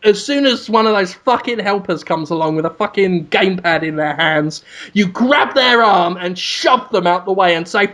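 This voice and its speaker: Male co-host, high-pitched, animated comic storyteller who breaks into shouts. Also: moderate pace, few pauses. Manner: animated, sweary, bursts into shouted mock proclamations. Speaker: podcast co-host. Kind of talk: casual comedic storytelling.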